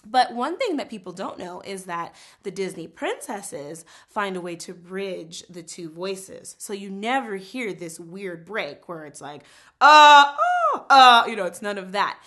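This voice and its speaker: A woman teaching a casual singing lesson, animated and explaining with quick spoken and sung examples. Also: medium pitch.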